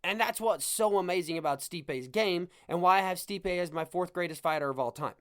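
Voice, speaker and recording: A man hosts a casual sports podcast, talking in an animated, rambling way and cracking jokes as he goes. His voice sits a little higher than most men's. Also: a little fast. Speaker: podcast host.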